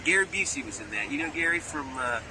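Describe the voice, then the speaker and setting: A man in an animated interview, telling playful stories and slipping briefly into character voices, recorded outdoors near traffic. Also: on the high side, quick pace, a crowd in the background, poor audio. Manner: playful storyteller who slips into character voices. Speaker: actor interviewee. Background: street and car noise.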